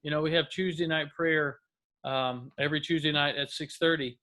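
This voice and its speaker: Male pastor, earnest casual devotional to camera, slightly high-pitched. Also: fairly even intonation, moderate pace. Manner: earnest, warm exhortation with frequent restarts. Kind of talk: casual mid-week devotional talk. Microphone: camera close up.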